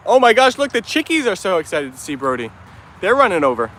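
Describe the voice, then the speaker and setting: Out in a yard with dogs and chickens, an upbeat man chats on a casual livestream, calling out viewers by name and reading their messages. He speaks fast in a slightly high, sharp voice whose pitch swoops wildly.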